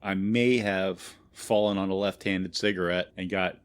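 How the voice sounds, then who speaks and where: A man co-hosting a casual podcast, telling a long profane story with bursts of loud laughter. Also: low-pitched, fairly even intonation, moderate pace, clear, resonant tone. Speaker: podcast co-host. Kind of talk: casual chat.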